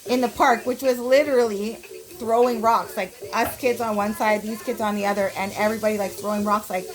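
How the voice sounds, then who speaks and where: A woman's voice: mid-range voice, fairly even intonation, a little fast, poor audio. A woman in her forties from Canada, telling blunt, profane stories from her childhood in a casual vlog, full of fillers. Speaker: vlogger.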